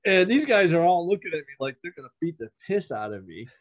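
A man's voice: very animated, fast. A man, a veteran motorcycle club member on a podcast, telling stories casually, swearing often and acting out what others said. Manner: profane, acts out quoted dialogue with shifting pitch. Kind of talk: casual storytelling.

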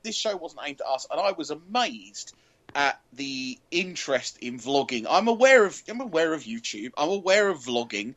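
A man co-hosting a TV review podcast, giving long, halting opinions in casual chat. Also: fairly high pitch, big pitch swings, fairly bright tone. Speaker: TV reviewer co-host.

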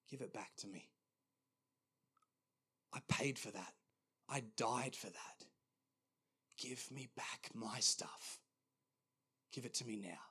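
A man voicing a firm, serious Jesus figure, repeating his demand slowly and insistently within a sermon story. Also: medium pitch, a bit bright, natural voice. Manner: slow, insistent repetition.

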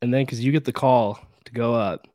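A man's voice: medium pitch, fairly quick, no echo. Casual male host, dry close sound. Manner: casual, excited, swears freely. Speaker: podcast host. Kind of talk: casual interview chat.

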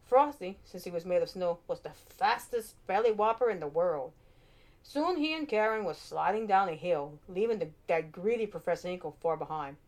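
A woman narrating a children's storybook aloud with expressive, animated delivery. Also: on the low side, normal speed.

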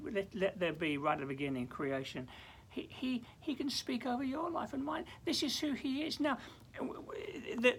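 A church minister delivers a short devotional talk at medium pitch, with a little hiss or hum in the recording. He speaks earnestly, stammering into many restarts, and acts out prayers with mounting intensity.

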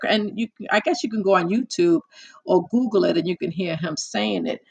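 Speaking at a moderate pace, this commentator has a medium-pitched, fairly bright voice with vocal fry. She addresses her listeners in a loose, chatty monologue, repeating herself, starting over, and performing quotes.

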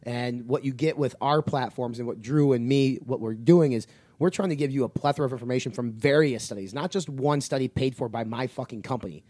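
A man's voice: mid-range voice, brisk, darkish tone, dry recording. Male podcast host, blunt and profane, dry close-miked sound. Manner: blunt, heavy swearing, rants. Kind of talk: casual podcast chat.

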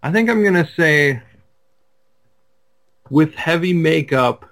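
A man's voice: on the high side, expressive, slow, a bit bright. A man co-hosting a casual podcast chat, talking in a laid-back, easygoing way. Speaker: podcast co-host.

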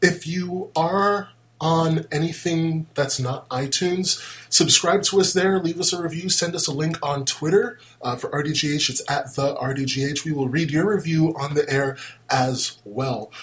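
A man's voice: fairly high pitch, normal speed, a bit bright. A man from the United States hosting a casual podcast and reading out listener messages. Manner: easygoing, reads listener messages aloud. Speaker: podcast host.

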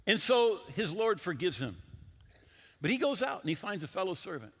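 A male pastor preaching a sermon in an animated way, asking his listeners questions directly. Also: high voice, moderate pace, husky. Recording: long hall reverb.

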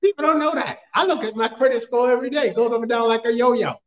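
Speaking at a quick pace, this pastor with a high voice tells funny stories, laughs often, and shouts questions out to the congregation during his sermon. The recording feels spacious and somewhat muffled, as though made from the rear of the church.

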